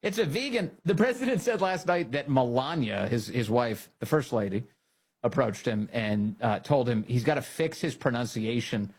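A husky-voiced man runs his political talk show with mocking glee. He laughs easily and jumps up into high, incredulous jabs before dropping back to a plain conversational tone. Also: expressive, moderate pace. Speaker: podcast host.

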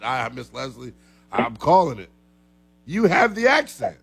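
A man's voice: medium pitch, very animated, a little slow, fairly bright tone, husky. A young man hosting a sports talk radio show, chatty and joking with callers. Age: young adult.

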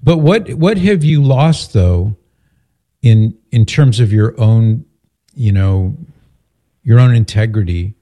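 A man hosting a call-in radio show, speaking in a calm, measured way as he steers the caller. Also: lowish voice. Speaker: radio talk show host.

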